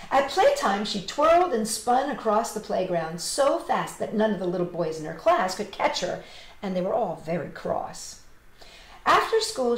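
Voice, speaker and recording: A woman and children's entertainer reading a picture book aloud, with animated storytelling and asides to the kids. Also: mid-range voice. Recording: roomy echo.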